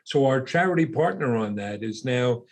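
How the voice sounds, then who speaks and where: A man's voice: medium pitch, expressive, moderate pace. Middle-aged man explaining his business plainly. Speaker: guest, small business owner. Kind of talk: casual interview chat.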